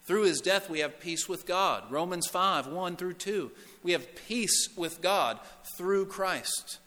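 Bright-voiced preacher in a reverberant hall. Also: male voice, sits high, animated, slow pace. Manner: emphatic preaching, repeating phrases, dropping to a hush on key words. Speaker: pastor. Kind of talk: sermon. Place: church sanctuary.

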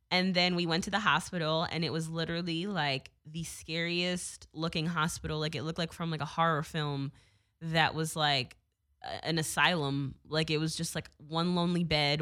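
A young woman casually telling a story, animated, swearing freely with lots of fillers. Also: low-pitched, normal speed.

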